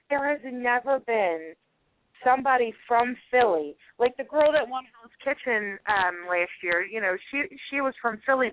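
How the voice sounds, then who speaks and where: A woman with a Philadelphia accent, a home cook telling lively stories as a radio guest, laughing often and filling her talk with "you know" and "like.". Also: a little high, a little hiss or hum. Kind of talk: phone-in radio interview. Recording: tinny phone line.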